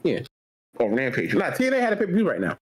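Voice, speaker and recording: Male guest, husky voice, very animated pitch, slangy and playful. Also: quick pace. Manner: playful, loose slang, sing-song asides. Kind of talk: casual group chat.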